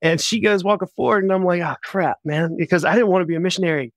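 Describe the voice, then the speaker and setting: A man, a missionary guest on a podcast, telling his story in a casual, animated way. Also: high-pitched, dry recording. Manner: animated, chatty, quick bursts.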